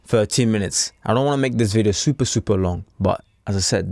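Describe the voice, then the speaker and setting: A man's voice: fairly low pitch, brisk, creaky, darkish tone, dry recording, studio quality. A man talking casually to camera as a trading coach, chatty and repetitive, with streetwise slang. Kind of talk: casual unscripted talk to camera.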